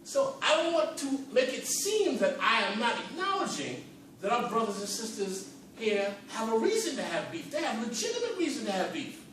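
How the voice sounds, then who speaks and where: A man's voice: very high-pitched, sing-song, normal speed, a bit bright, slight background noise. Fervent man speaking in an echoing hall. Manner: fervent, preacher-like rhetorical questions, rising and falling emphasis. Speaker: conference panelist. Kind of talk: impassioned panel speech. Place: conference hall in a library. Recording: echoey hall from far off.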